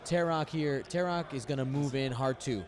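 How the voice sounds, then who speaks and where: A man's voice: mid-range voice, normal speed, some chatter behind. A man commentating a tabletop game match live, chatty and thinking aloud, often repeating himself.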